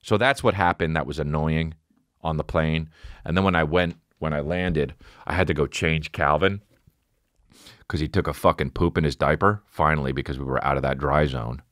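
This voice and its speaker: A man in his forties hosting a podcast, telling a rambling, profane story and jumping into high voices for quotes. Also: steady tone, normal speed, a bit bright, no room sound, clean studio sound. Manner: rambling and profane, acts out quotes with big pitch jumps. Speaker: podcast host. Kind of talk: casual monologue.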